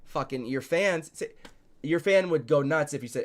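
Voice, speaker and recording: A man's voice: medium pitch, normal speed. A man hosting a casual podcast chat, telling stories with heavy swearing and emphatic delivery. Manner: profane, emphatic, storytelling. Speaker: show host and promoter.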